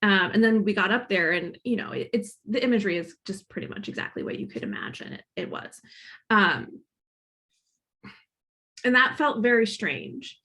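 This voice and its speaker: A woman's voice: mid-range voice, lively intonation, normal speed, pushed and bright. A woman in her thirties from Northern Kentucky with a Midwestern accent touched by Boston, speaking as a guest author in a casual, reflective way and thinking aloud. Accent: Midwestern with a slight Boston inflection. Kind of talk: casual conversational talk at a library author event.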